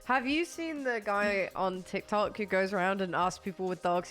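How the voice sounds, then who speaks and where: A woman in casual chat, telling a lively story and doing the voices of the people in it. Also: mid-range voice, normal speed, soft background music. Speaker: guest.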